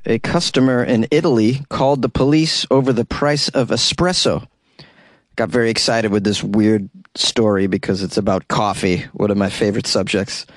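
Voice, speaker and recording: A man's voice: fairly low pitch, steady tone, normal speed, no echo, clean studio sound. A man hosting a radio talk show, reading news stories and adding wry, sarcastic asides in a casual way.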